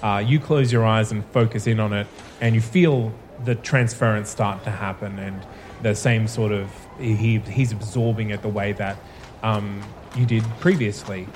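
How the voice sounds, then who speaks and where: A man running a tabletop game, narrating slowly with halting pauses and fillers. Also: fairly low pitch, steady tone, a little mellow, a little hiss or hum. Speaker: game master.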